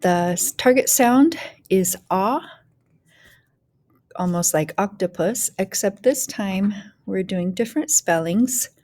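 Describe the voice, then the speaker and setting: Very slow, careful woman teaching phonics. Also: mid-range voice, darkish tone. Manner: slow, deliberate sound-by-sound blending; often drops to a breathy whisper on sounds. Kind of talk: phonics lesson.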